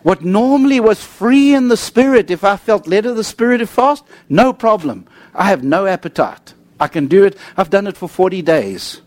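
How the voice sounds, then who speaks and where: A man preaching a sermon, telling humorous stories and swinging between excited highs and quiet, serious lows. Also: normal speed, hardly any pauses, no echo. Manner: animated storytelling with jokes, swinging from high to low.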